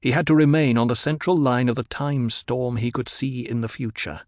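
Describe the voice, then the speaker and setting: A man's voice: mid-range voice, steady tone, a little fast, darkish tone, no room sound, studio quality. Man reading an audiobook narration.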